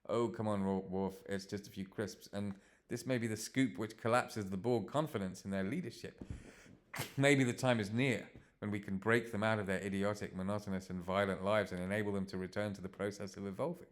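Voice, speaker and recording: A smug male starship talk-show host, as a man puts him on. He talks breezily and pushes his point with easy self-assurance, in a low voice. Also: fairly even intonation, a little fast, natural voice. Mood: breezy.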